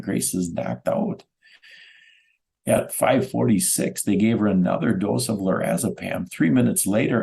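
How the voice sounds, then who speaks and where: Gravelly, deep-toned middle-aged man. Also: mellow, rough recording. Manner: methodical, lists times and doses; earnest, insistent. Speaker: guest, bereaved father. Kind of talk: radio interview testimony.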